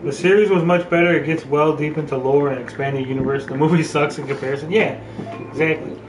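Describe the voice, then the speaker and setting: Man, gameplay host, joking and rambling, reads game text aloud, slightly high voice, distant mic, game music behind. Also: fairly even intonation, fairly quick, reverberant. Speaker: let's play host. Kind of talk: casual gameplay commentary.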